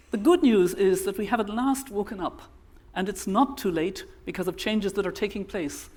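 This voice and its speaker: Older Irish woman, conference keynote speaker, earnest and measured delivery. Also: mid-range voice, darkish tone. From Ireland. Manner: measured, earnest, with small restarts.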